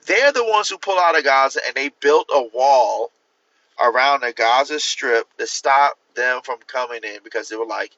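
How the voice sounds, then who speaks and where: A man's voice: mid-range voice, lively intonation, moderate pace, sharp tone, no echo, muffled recording. A man hosting a livestream, giving blunt, opinionated views and talking straight to his viewers. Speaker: livestream host. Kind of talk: casual livestream talk.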